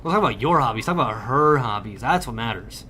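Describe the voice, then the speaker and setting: A man's voice: mid-range voice, lively intonation, fast, slight background noise. Profane, joking young male streamer. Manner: loud, profane, joking banter with chat. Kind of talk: casual livestream chat while gaming.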